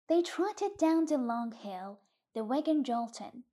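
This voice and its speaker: A woman narrating a literary short story in a calm, measured audiobook reading. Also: high-pitched.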